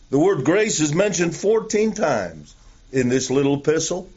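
Slow, earnest preacher man. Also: fairly high pitch. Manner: earnest, deliberate, tells stories. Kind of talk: sermon. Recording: dull lo-fi recording.

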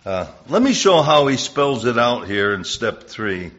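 A man preaching a sermon, emphatic, building to loud bursts on key points. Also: medium pitch, big pitch swings, a little slow. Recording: dull lo-fi recording.

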